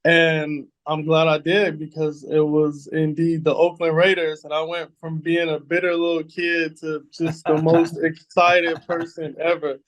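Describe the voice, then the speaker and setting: A man's voice: fairly high pitch, monotone, a little slow, few pauses. A man in his thirties from the San Francisco Bay Area, casually telling stories in an interview. He repeats words as he goes and acts out the quoted voices. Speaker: guest, former pro football player.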